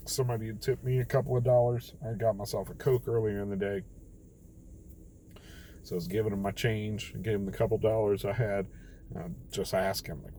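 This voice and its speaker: A man's voice: fairly low pitch, fairly even intonation, a little fast, warm tone, a little hiss or hum, poor audio. A young man telling a rambling, self-deprecating story late at night, tired and quoting others as he goes. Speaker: vlogger.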